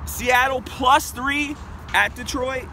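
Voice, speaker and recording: Brash high-voiced guy hyping sports picks. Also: slow pace, creaky, noisy background. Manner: brash, boastful, profane hype talk. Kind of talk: hyped comedic sports betting vlog. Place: outdoors in a store parking lot by a car.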